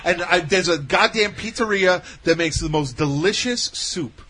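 A man's voice: sits high, normal speed, sharp tone, slight background noise, rough recording. A man co-hosting a casual talk show, ranting with mock indignation in loose banter. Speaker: podcast co-host.

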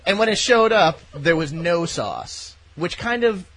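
A man's voice: sits high, expressive, measured pace, crowd noise, low-quality recording. A man co-hosting a casual talk show, telling a rambling anecdote. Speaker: podcast co-host. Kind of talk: casual storytelling.

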